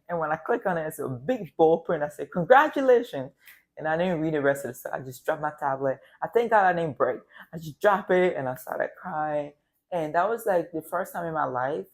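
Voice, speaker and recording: Low-voiced woman from Africa, vlogging. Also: darkish tone. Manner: emotional, rambling, faith-filled. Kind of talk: casual personal vlog storytelling.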